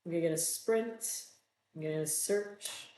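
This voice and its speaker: A man's voice: a little high, unhurried, a little mellow. A man casually playing a solo tabletop game, reading gruesome card stories aloud and joking at his own bad luck, in a roomy, echoey room. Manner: self-mocking, groans about bad dice rolls. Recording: roomy echo.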